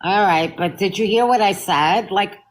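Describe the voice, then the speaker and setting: A woman's voice: mid-range voice, moderate pace, low-quality recording. A woman with a New York accent on a live stream call, apologizing again and again. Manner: apologetic, repeats herself.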